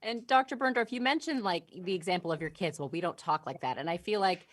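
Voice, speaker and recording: A woman's voice: fairly low pitch, fast talker. A woman moderating a panel, asking questions in a conversational way. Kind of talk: panel discussion.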